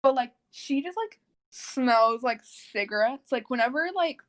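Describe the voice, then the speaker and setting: A woman's voice: high voice, expressive, unhurried, noisy background. A young woman from Texas co-hosting a podcast, talking in a rambling, casual way full of fillers. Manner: rambling, filler-heavy, laughing. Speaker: podcast co-host. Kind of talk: casual chat.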